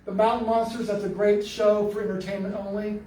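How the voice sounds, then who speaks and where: A man telling an animated, joking story to an audience, acting out what people said. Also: high voice, fairly quick. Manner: animated storyteller, jokey, acts out quotes. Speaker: Bigfoot researcher giving a library talk. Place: library meeting room. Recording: roomy hall, mic at a distance, faint noise.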